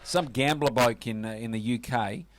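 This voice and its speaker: Chatty Aussie sports radio host. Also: male voice, mid-range voice, normal speed, no room sound. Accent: Australian. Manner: chatty, lots of fillers and "mate". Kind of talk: casual sports chat on community radio.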